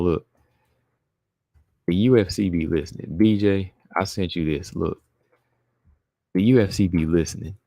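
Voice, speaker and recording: A man with a low, warm voice hosts a live talk stream, heard in studio quality with no room sound. He's a podcast host chatting casually yet emphatically, repeating phrases, calling out to the chat, and speaking informally with "y'all" and "be listening."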